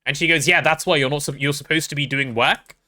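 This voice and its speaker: A man's voice: a little high, fast talker, pushed and bright. A young man chatting casually while streaming a game, rambling and playful with self-deprecating stories. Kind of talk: casual gaming stream chat.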